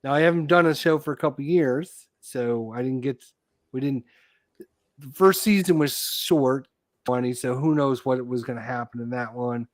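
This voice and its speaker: A man hosting a relaxed live chat, talking at a middling pitch and wandering off mid-thought to search his memory. His voice is recorded dry and close, with no room sound around it. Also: moderate pace, no room sound. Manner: rambling, loses his train of thought. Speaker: podcast host.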